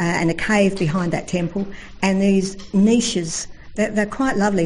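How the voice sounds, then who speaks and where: A woman giving a devotional Bible talk, telling the stories earnestly and slowing down for emphasis. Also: medium pitch, warm tone, low-quality recording. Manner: earnest storytelling, slows for emphasis. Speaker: Bible teacher.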